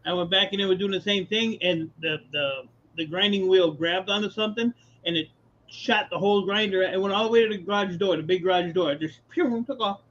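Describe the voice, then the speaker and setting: A man's voice: high-pitched, brisk, fairly bright tone, slight background noise. A man chatting casually on a live call, telling stories with easy laughs and casual swearing, over dull lo-fi audio. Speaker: guest on a live scrap chat. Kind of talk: casual storytelling chat.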